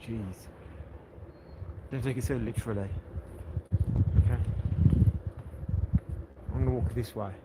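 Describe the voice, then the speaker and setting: English guy joking around on a phone livestream, walking outside, loud background noise. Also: medium pitch, fairly even intonation, unhurried, pauses often. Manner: chatty, joking, laughs often. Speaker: livestream host. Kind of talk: casual walking livestream chat. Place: outdoors on a coastal walk. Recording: outdoor noise behind.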